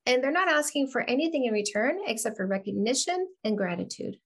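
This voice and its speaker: A woman hosting an interview, speaking earnestly and warmly affirming her guest, often repeating phrases. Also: a little high, expressive, quick pace. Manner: earnest, affirming, a bit repetitive. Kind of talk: interview conversation.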